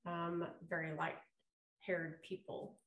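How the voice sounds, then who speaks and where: A middle-aged woman co-hosting a podcast in casual chat, explaining things slowly and deliberately. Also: on the low side, flat delivery, fairly bright tone. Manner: slow, drawn-out explaining. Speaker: podcast co-host. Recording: echoey room.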